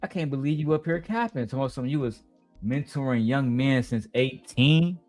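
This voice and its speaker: A man's voice: medium pitch, fairly quick, a little mellow, no room sound, soft background music. A man hosting a casual reaction commentary, profane and mocking, laughing often. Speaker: commentary host.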